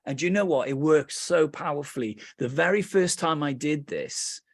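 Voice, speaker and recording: A man with a British accent teaching meditation, telling lively stories with playful asides, then slowing and softening into calm guidance. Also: fairly high pitch, no room sound, clean studio sound.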